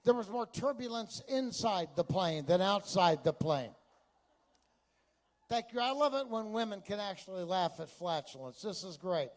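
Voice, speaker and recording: Man, from Texas, stand-up comedian, high voice, brash, crude jokes, chatty. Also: lively intonation, normal speed.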